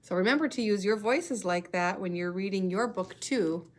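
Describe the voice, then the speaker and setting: A woman teacher reading a picture book aloud to her class, slow, clear and expressive. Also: mid-range voice.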